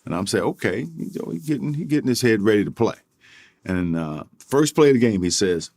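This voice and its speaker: A man's voice: on the low side, lively intonation, brisk, darkish tone. A man and former basketball player telling anecdotes, laughing through his stories. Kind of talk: anecdotal storytelling.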